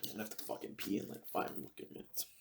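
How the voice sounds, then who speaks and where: A man's voice: racing, noisy background. A young man hosting his own podcast, rambling in a casual monologue full of swearing and laughing at his own jokes. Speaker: podcast host.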